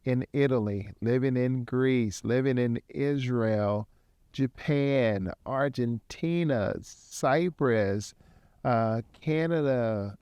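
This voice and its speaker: A man co-hosting a podcast in casual chat, steady and affirming. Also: medium pitch, takes it slowly, clean tone, dry recording. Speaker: podcast co-host.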